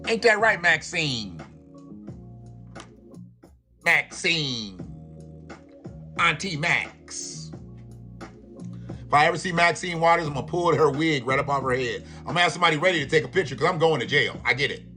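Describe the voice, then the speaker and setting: A man hosting a live stream, ranting in a profane, animated way with laughing asides. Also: fairly high pitch, very fast, few pauses, faint music behind. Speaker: livestream host. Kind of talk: live commentary rant.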